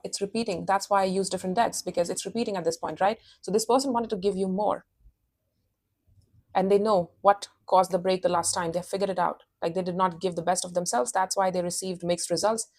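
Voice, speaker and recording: Intense, emphatic woman tarot reader. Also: mid-range voice. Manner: intense and emphatic, repeats phrases; calls listener honey. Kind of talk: casual spoken tarot reading.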